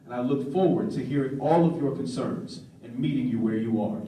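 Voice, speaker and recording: A man giving a campaign speech at a candidate forum, building points through measured rhetorical repetition. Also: medium pitch, dark tone. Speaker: political candidate. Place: public forum hall. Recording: echoey room, distant mic.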